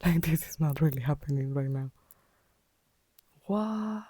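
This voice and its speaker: A woman's voice: a bass voice, little pitch movement, fast, warm tone, no room sound. A tired young woman talking in a casual, exasperated reading vlog, often dropping into a whisper late at night. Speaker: book vlogger.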